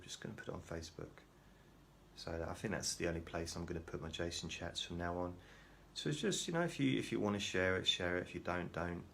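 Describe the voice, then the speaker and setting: A man with a low voice talks to camera in a loose, rambling monologue. He is self-deprecating and often stops to restart his sentences. A faint background hum sits under his voice. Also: creaky, a bit bright. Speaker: vlogger.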